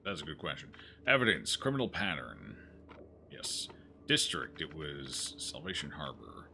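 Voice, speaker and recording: A man's voice: very deep voice, huge pitch swings, measured pace, creaky, bright, forceful tone, slight background noise. A man streaming a horror game, joking and thinking aloud as he plays. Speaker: gaming streamer. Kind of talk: casual let's-play commentary.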